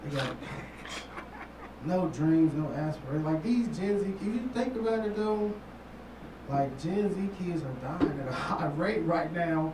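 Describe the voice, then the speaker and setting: A man's voice: on the high side, expressive, measured pace. A man, telling loose, profane stand-up stories. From Memphis, Tennessee. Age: 30s. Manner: loose, profane storytelling with frequent laughs and asides. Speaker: stand-up comedian. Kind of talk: stand-up comedy set. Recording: roomy club sound from far off with noise.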